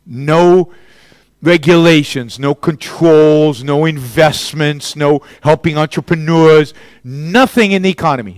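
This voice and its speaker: A man's voice: on the high side, dry recording. A man giving a public lecture and answering questions, arguing emphatically with rhetorical questions. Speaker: guest lecturer.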